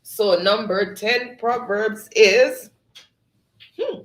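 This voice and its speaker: A man's voice: sits high, takes it slowly, a bit bright, roomy sound. A man hosting a quiz game on a live stream, reading out the players' chat answers and laughing often. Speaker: game show host.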